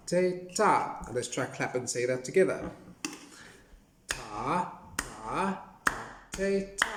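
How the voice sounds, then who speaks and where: A man leading a children's music lesson, playful and animated, counting and chanting rhythms to clap along to. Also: mid-range voice. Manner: playful, animated, sing-song counting and clapping. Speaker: music teacher for young children. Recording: echoey room with background noise.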